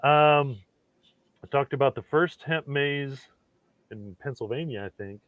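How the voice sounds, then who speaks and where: A man's voice: mid-range voice, unhurried, no room sound. A man hosting a casual talk show, rambling along with lots of fillers and restarts. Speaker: host of a hemp talk show. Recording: tinny phone-like dry sound.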